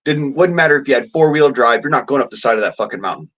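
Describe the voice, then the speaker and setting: A man rants straight to the camera, swearing hard in a blunt, rambling way and using folksy slang. His voice sits at an ordinary middle pitch. The sound is dull and lo-fi, like a cheap phone mic. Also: animated, fast talker, a bit bright. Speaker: vlogger. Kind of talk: angry ranting vlog.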